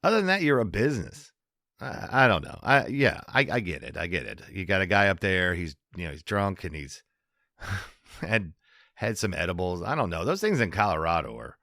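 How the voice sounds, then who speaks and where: Man, podcast host, casual comedy monologue, deep voice, rambling, dry close sound. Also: very animated, moderate pace, creaky, bright, forceful tone, no echo. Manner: rambling, self-interrupting, laughs at own jokes.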